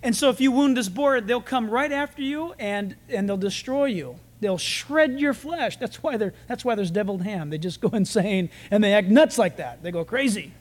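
Man, high voice, pastor, conversational sermon, joking anecdotes. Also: lively intonation, normal speed, hardly any pauses. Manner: conversational storytelling with jokes.

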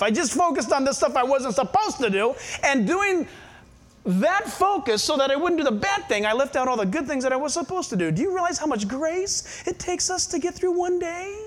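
Man preaching, very high voice, middle-aged, rhetorical questions. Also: very animated, moderate pace, fairly bright tone. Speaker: pastor. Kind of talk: sermon.

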